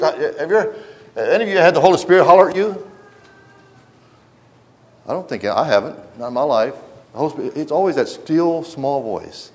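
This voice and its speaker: A man's voice: on the high side, lively intonation, brisk, pauses often. A middle-aged man preaching a sermon in an earnest manner, often restarting his sentences and reading passages aloud from a book. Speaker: pastor.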